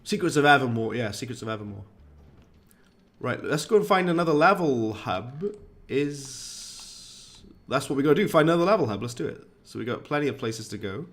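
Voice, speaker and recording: Casting: posh-sounding man, rambling game-stream chatter, mid-pitched. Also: animated, normal speed. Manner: chatty, rambling, talks to viewers. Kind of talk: casual game-stream chat.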